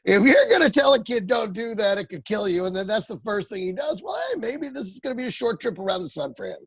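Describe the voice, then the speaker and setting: A man with a high, raspy, gravelly voice, cracking jokes on a casual comedy podcast. His pitch swings widely as he jumps in with quips. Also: big pitch swings, dry recording, studio quality. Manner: wisecracking, quick to laugh and jump in.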